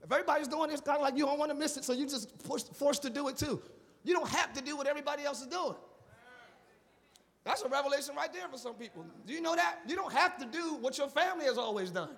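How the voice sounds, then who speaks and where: A male pastor preaching a live sermon, animated and repetitive, asking the congregation for responses and dropping into casual slang. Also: very high voice, fast. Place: church sanctuary. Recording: long reverb of a large church.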